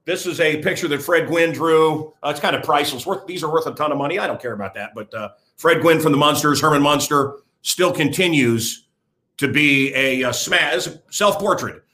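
A man's voice: a little high, brisk, bright, forceful tone. An older man hosting his own show, talking blunt and rambling in a casual monologue to camera. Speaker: host.

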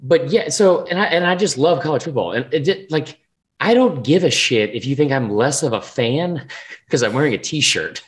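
A man's voice: medium pitch, expressive, normal speed. A man co-hosting a podcast, rambling through a story in casual chat and swearing freely. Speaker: podcast co-host.

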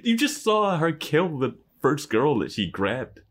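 A man's voice: a little high, very animated, a little slow, a bit bright. A man co-hosting a podcast, chatting casually and laughing along. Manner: laughing, chiming in. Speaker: podcast co-host. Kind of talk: casual chat.

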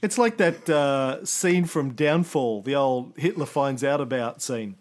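A man's voice: medium pitch, measured pace, darkish tone. A man co-hosting a podcast, telling history in a loose, jokey, conversational way. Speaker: podcast co-host. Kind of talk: casual history storytelling.

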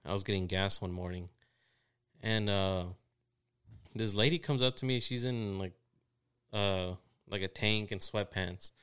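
A man in casual chat, telling a story in a relaxed way and swearing freely. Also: on the low side, unhurried, pauses often, smooth.

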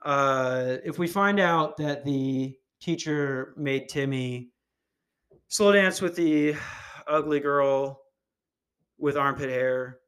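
A young adult man hosting a podcast, delivering a dark comedy monologue in a dry, deadpan way. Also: medium pitch, slow pace, smooth. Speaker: podcast host.

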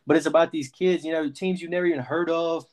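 A young adult man from the Southern United States co-hosting a podcast, telling a lively story in casual sports talk and acting out his own reactions. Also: on the high side, fast. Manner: animated storyteller, quotes himself. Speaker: podcast co-host.

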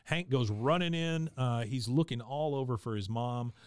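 Man, podcast co-host, mid-pitch, dry close sound; chatty episode recap, animated retellings. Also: moderate pace, clean tone, dry recording. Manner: retells scenes, acting out character lines with raised pitch; frequent fillers and restarts while narrating. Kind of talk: casual chat.

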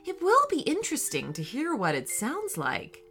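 A woman voicing a gentle, mild-mannered mother in a storybook reading. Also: sits high, huge pitch swings, moderate pace, faint music behind, exaggerated voice. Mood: calm. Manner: mild, polite exclamations.

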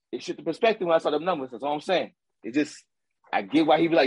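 A man with a high, husky voice rants through casual sports talk and keeps repeating his point. His speech is full of slang. The recording is dry and close. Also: fast talker, no room sound. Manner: animated, ranting, repeats himself, slangy. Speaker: podcast co-host.

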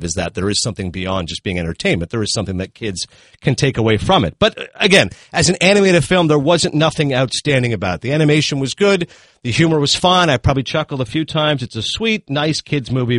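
Animated, quick-talking male film critic. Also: mid-range voice, no room sound, studio quality. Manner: animated, retelling scenes with quick asides. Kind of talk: casual film review chat.

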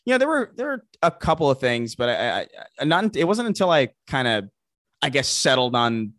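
Excitable, stammering man, dry close mic. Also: medium pitch, brisk, no room sound. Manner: excitable, profane, stammering restarts. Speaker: guest content creator. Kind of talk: casual podcast chat.

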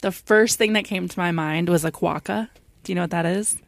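A woman's voice: lowish voice, brisk, creaky. A woman co-hosting a podcast, chatting casually and giggling between lines before she tells a true story. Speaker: podcast co-host telling the story.

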